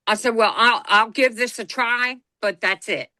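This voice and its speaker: A woman's voice: a little high, normal speed, dry recording. A middle-aged woman, telling a personal story on a podcast and acting out the quoted lines as she goes. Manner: animated retelling, acts out quoted dialogue. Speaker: podcast co-host.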